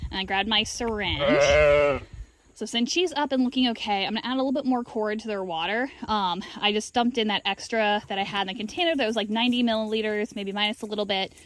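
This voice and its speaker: A woman sheep farmer filming a casual vlog outdoors in her pen on a handheld camera, chatting and coaxing her animals in a high sing-song. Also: fast talker, a bit bright. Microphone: handheld camera while working.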